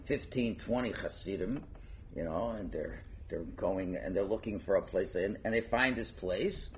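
A man's voice: low-pitched, normal speed, a little hiss or hum. A man teaching through a casually told story, acting out its characters with many fillers. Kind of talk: casual spoken storytelling lesson.

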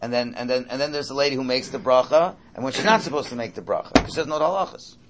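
A man's voice: medium pitch, very fast, a bit bright. Man, rabbi, informal Torah lecture, rambling asides, slight background hiss. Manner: conversational, rambling, full of asides and restarts. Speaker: rabbi teaching a class.

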